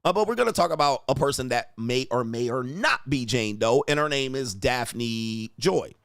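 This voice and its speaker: A man's voice: medium pitch, animated, normal speed, gravelly, fairly bright tone, no room sound, clean studio sound. A man hosting a reaction commentary, talking in a blunt, mocking and exclaiming way. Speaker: host.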